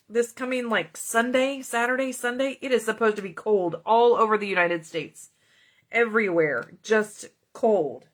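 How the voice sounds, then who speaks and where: A woman's voice: fairly high pitch, a bit bright. A middle-aged woman hosting a card-making tutorial, chatting casually with viewers and greeting commenters by name as she works. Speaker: card-making video host.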